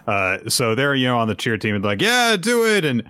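A man co-hosting a podcast, chatting casually and recapping chapters, animated and acting out quoted lines. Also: lowish voice, a little fast, no room sound. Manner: animated storyteller who acts out quotes. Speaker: podcast co-host.

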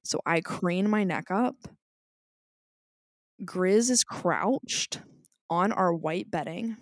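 Drawing out her words in a lowish voice, a twentysomething woman co-hosting a podcast relays a story through casual chat and performs other people's lines with animation. There's no echo, and the studio sound is clean.

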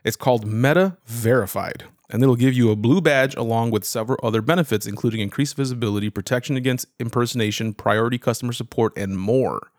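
A man's voice: mid-range voice, fast, hardly any pauses, darkish tone, no room sound, studio quality. A man co-hosting a podcast, explaining things in a casual, rambling way with frequent restarts. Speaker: podcast co-host. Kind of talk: casual chat.

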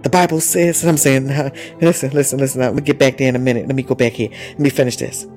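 Fervent woman preaching over soft music. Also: a bass voice, fairly even intonation, quick pace. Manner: fervent, repeats "listen" and "my God", speaks in tongues. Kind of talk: charismatic sermon. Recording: faint music behind.

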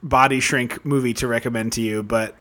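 A man's voice: medium pitch, steady tone, fairly quick, a bit bright. A man co-hosting a podcast in casual chat, rambling with lots of fillers and restarts. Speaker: podcast co-host. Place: hot room at home.

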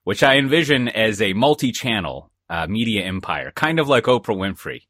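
A Texas-based man co-hosts a podcast, chatting casually in a fairly low, sing-song, slightly bright voice at normal speed. He tells rambling, jokey stories packed with asides, and the studio sound is clean with no room echo.

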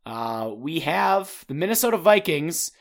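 A man's voice: on the high side, big pitch swings, unhurried, gravelly. A man hosting a casual sports podcast, rambling and repeating words as he talks. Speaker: podcast host.

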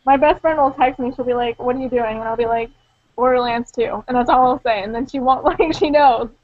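Young woman, higher voice, podcast co-host, giggly, dry lo-fi recording. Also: quick pace, no room sound. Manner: giggly, animated retelling. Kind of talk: casual chat.

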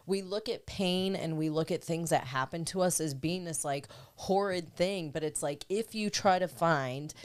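A woman's voice: fairly low pitch, moderate pace, few pauses. A woman in casual podcast chat, talking candidly and earnestly about self-growth, swearing freely.

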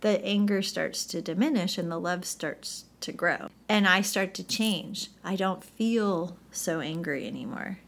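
A woman guest on a faith podcast, candidly telling her story with lively, acted-out quotes. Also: fairly low pitch, a little slow, vocal fry, hardly any pauses. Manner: animated storytelling, acts out quoted voices.

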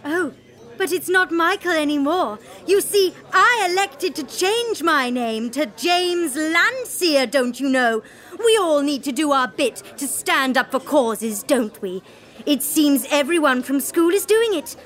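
A smug, high-pitched schemer who savours every word with slow, drawn-out relish. The voice is bright and affected, in a camp comedy-villain style. He gloats over an old grudge like a pantomime baddie. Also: expressive. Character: pompous vengeful man, former school victim, now a gloating schemer. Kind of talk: comedy sketch acting.

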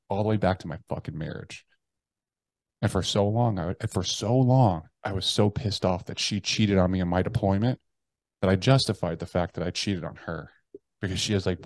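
Low-voiced, blunt American man. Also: moderate pace, dry recording. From United States. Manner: frank, profane, restarts sentences often; acts out his own inner voices. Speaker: podcast guest. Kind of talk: candid interview storytelling.

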